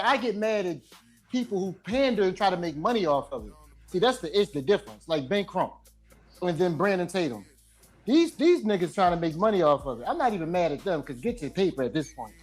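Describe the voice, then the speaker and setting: Male panelist, blunt and animated, crude humor, light music bed. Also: high-pitched, fairly quick, breathy edge. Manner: animated storyteller, coarse joking asides. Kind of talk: casual debate chat.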